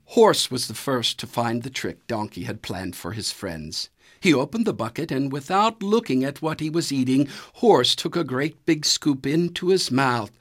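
A man reading a children's story aloud in an expressive storytelling manner. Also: mid-range voice, normal speed. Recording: soft music underneath. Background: faint music.

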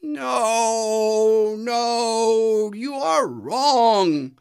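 A storyteller voicing a big, strong father tiger who talks in a booming, insistent, drawn-out way. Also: animated, creaky, a little mellow, smooth, full character voice. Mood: firm.

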